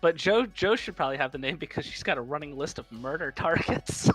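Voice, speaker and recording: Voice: mid-range voice, lively intonation, a little fast, a bit bright, slightly rough, faint music behind, low-quality recording. A player in a tabletop game, joking playfully with the group. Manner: playful and laughing.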